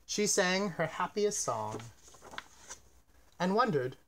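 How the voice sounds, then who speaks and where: A man reading a children's picture book aloud in a gentle, expressive storytelling manner. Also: high voice, slow, creaky, a little hiss or hum.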